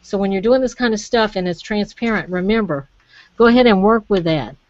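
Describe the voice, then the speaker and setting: A woman's voice: medium pitch, brisk, darkish tone, no room sound, dull audio. A woman giving a chatty, encouraging live craft demonstration and talking straight to her viewers.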